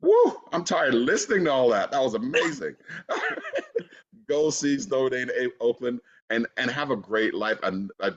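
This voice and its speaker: A man talking as an actor guest in a casual interview, relaxed and laughing easily, with lots of "you know". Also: medium pitch, normal speed, husky, dull audio.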